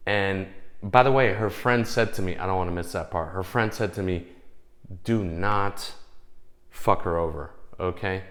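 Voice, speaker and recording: Profane man telling a story. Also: deep voice. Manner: profane, emphatic, keeps asking "okay?". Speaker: vlogger. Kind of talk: casual storytelling.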